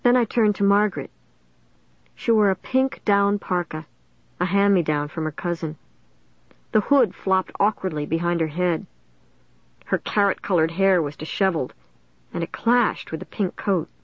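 A woman reading a first-person story aloud in a plain, steady storytelling manner. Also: lowish voice, moderate pace, pauses often, no echo, dull audio. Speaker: audiobook narrator.

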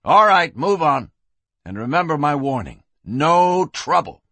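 A man's voice: fairly high pitch, very animated, measured pace, bright, forceful tone, no room sound, full character voice. A man voicing a stern, hard-edged frontier sheriff who gives clipped commands.

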